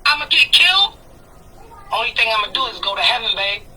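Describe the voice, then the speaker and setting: Woman, high voice, very bright, defiant, blunt, cursing, faint line noise. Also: very animated, a little fast, low-quality recording. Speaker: guest telling her side. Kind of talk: heated phone call storytelling.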